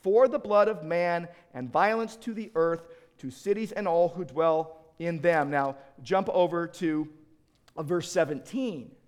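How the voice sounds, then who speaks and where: A middle-aged male pastor preaching an animated sermon, acting out quoted voices and often restarting his sentences. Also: on the high side, a little slow.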